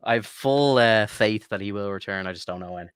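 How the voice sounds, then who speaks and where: An Irish podcast co-host rambles through stories from his home room in casual chat, swearing freely and saying "like" constantly. His voice is lowish, fairly quick, a bit bright and smooth, recorded with studio quality and no room sound.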